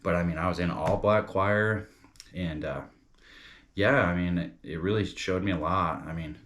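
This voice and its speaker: A man's voice: low voice, normal speed, a bit bright, slight background noise. A young man from New York chatting casually as a comedy reviewer, rambling and loose, calling people bro and dude.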